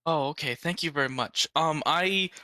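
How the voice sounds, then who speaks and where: A player in a tabletop game, talking in a playful, excitable way. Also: mid-range voice, moderate pace, no room sound.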